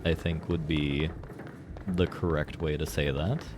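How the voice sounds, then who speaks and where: A man's voice: extremely low pitch, fairly even intonation, a little slow, noisy background. A man streamer giving casual live gameplay commentary, rambling and joking with lots of fillers. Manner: rambling and jokey, heavy on fillers.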